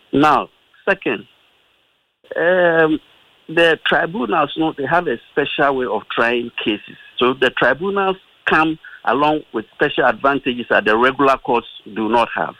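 A man with a Ghanaian accent, a lawyer on a radio talk show, explaining deliberately with hesitations and mixing Twi into English. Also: medium pitch, sharp tone, dry recording, poor audio. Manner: deliberate, reads constitutional clauses, mixes Twi and English, many hesitations.

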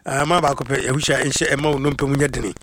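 A man's voice: medium pitch, level tone, fast talker, fairly bright tone. A man preaching a sermon that mixes in English phrases, stressing his points by repeating them, and greeting listeners by name.

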